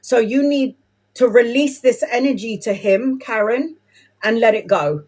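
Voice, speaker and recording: A woman's voice: fairly high pitch, measured pace, a little mellow. A woman giving a live tarot reading, blunt and emotional, swearing freely and calling viewers "my love" and "sweetheart". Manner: addresses viewers with endearments. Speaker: tarot reader.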